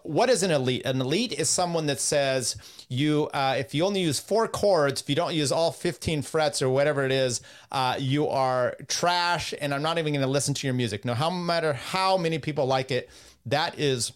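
A man hosting a casual podcast chat, halting and full of filler sounds as he talks. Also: fairly high pitch. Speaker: podcast host.

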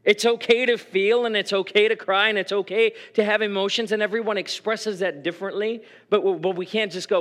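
Pastor, man, mid-high voice, bright and forceful, earnest conversational sermon. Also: brisk, few pauses. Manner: conversational, earnest preaching with frequent restarts; emotional, openly expressive.

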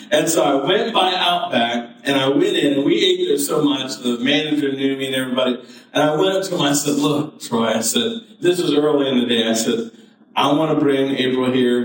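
A man, a pastor, telling a personal story in a sermon and building to fervent preaching. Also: medium pitch. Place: church sanctuary. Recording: very echoey hall, mic at a distance.

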